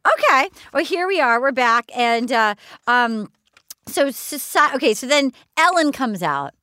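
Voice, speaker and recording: A woman's voice: high-pitched, sing-song, unhurried, pushed and bright, no room sound. Effusive woman host in a dry room. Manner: effusive and emotional, laughing often. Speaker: podcast host. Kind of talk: casual chat.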